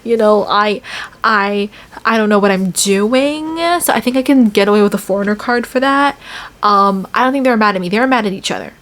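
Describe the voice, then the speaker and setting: A woman's voice: medium pitch, fairly quick. Chatty young American woman vlogging. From United States. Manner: chatty, many "like" fillers, animated storytelling. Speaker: English teacher in Korea. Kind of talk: casual vlog chat.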